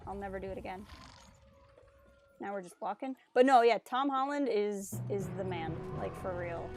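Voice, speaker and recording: A woman's voice: mid-range voice, normal speed, music in the background. A woman streaming a game live, chatting casually, joking and reading the on-screen text aloud.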